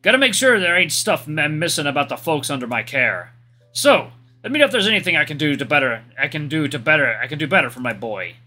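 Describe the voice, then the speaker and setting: A man doing a gruff old hyena dad. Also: on the high side, very animated, quick pace, sharp tone, soft background music, full character voice. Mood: hearty. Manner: folksy, pirate-like drawl. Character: gruff old male hyena father, boastful.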